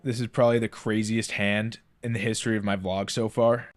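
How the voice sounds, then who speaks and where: Man narrating his poker vlog, lowish voice, blunt and irritated. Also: level tone, fairly quick. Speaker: poker vlogger. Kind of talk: scripted vlog voice-over.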